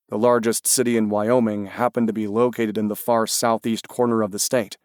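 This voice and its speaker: A man reading an audiobook in an even, measured manner. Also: fairly low pitch, no echo, clean studio sound. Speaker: audiobook narrator. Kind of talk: scripted audiobook narration.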